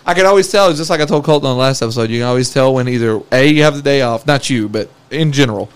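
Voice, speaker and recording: A man chatting casually as a podcast co-host, quick and joking, often laughing and acting out reactions. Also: medium pitch, smooth. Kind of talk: casual chat.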